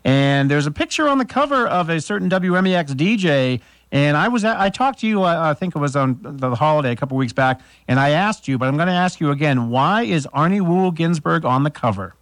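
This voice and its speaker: Relaxed fairly high-voiced male radio host. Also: fairly quick, no echo. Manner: relaxed, chuckling, with fillers. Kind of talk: casual on-air chat.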